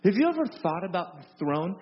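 A man's voice: sits high, big pitch swings, a little fast. A man preaching an emphatic, impassioned sermon in a church hall. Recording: muffled hall recording with faint hiss.

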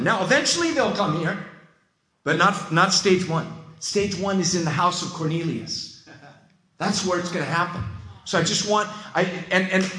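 A man preaching a sermon, telling stories in an excited rush, with many restarts and repeated words. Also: high voice, moderate pace, roomy sound, poor audio. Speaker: pastor.

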